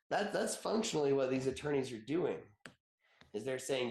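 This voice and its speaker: A man's voice: medium pitch, lively intonation, fairly quick, gravelly, a little mellow. Chatty joking man in an echoey room. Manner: chatty, joking, tells personal stories, laughs often. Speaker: attorney presenting a webinar. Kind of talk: conversational webinar presentation.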